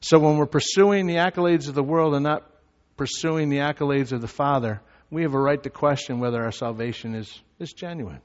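A male pastor preaches a sermon in a church sanctuary. His voice sits a bit high, and the hall gives it a long echo. The sound is slightly dull, and his delivery swings from measured teaching to loud shouting.

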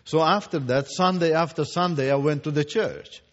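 Man, fairly high voice, emphatic preached testimony, long hall reverb. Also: moderate pace. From Iran. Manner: emphatic, repeats words for stress, swings from hushed to loud. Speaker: Christian teacher giving testimony. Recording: echoey hall, dull lo-fi sound.

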